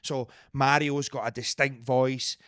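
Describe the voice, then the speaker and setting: A young Scottish man co-hosting a podcast, telling stories in an animated, sweary way. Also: mid-range voice, smooth, no room sound, clean studio sound. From Scotland. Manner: animated storyteller, sweary, quick to put on voices. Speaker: podcast co-host. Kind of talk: casual chat.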